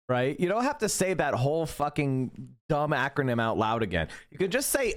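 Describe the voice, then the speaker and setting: A man's voice: a little high, huge pitch swings, brisk, few pauses. A man streaming his reaction to a debate, sarcastic and exasperated, swearing heavily. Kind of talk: profane reaction commentary.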